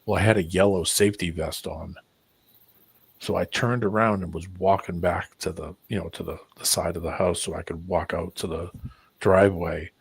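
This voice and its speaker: A man's voice: low voice, fairly even intonation, moderate pace, creaky, slightly rough. A man hosting a casual stream chat, telling stories and acting out what people said, swearing casually. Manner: storyteller who acts out voices, swears casually. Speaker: stream host.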